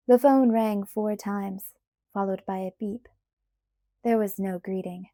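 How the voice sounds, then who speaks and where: A woman reading a novel aloud in the first person, with measured, even storytelling on a close mic. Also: mid-range voice, no echo. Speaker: audiobook reader.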